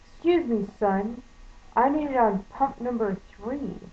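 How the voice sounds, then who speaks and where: A woman's voice: mid-range voice, moderate pace, darkish tone, natural voice. A woman putting on the voice of a condescending older male customer, patronizing and mocking, on a dull lo-fi home video.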